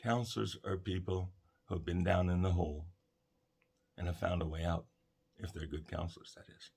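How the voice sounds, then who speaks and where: Low-voiced guy hosting a counseling chat, gentle and reflective, lots of ums. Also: little pitch movement, gravelly, breathy edge. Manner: gentle, unhurried, storytelling with fillers. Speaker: counseling talk host. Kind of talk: reflective talk to listeners.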